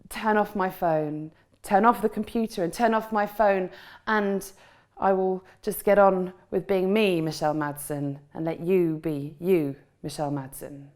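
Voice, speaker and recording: A woman performing spoken word poetry in a rhythmic delivery with repeated refrains. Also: lowish voice. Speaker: poet.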